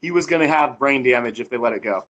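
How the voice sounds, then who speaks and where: A man with a mid-pitched voice co-hosts a casual talk show. He speaks slowly and bluntly, often restarting his sentences. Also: a bit bright, rough recording. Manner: slow, halting, blunt. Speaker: co-host. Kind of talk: casual chat.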